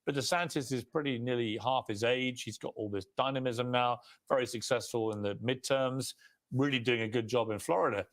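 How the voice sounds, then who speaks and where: A man hosting a broadcast interview show, with a brisk presenter delivery. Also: medium pitch. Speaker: TV talk show host.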